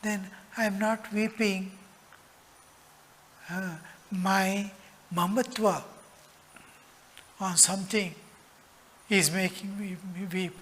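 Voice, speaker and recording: A man giving a spiritual discourse as a monk teacher, earnest and slow, at times dropping into a whisper. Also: sits high, fairly even intonation, fairly bright tone, slight background noise. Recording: long hall reverb.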